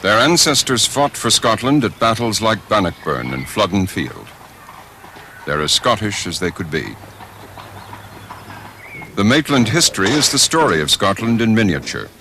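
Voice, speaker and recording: A man narrating a documentary in a measured, scripted way. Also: fairly low pitch, lively intonation, background noise.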